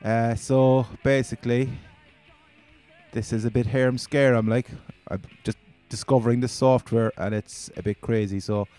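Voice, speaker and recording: A man's voice: mid-range voice, fairly even intonation, moderate pace, mellow, soft background music. A man with a Cork accent, chatting casually and rambling through his first gaming commentary as a channel host. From Ireland.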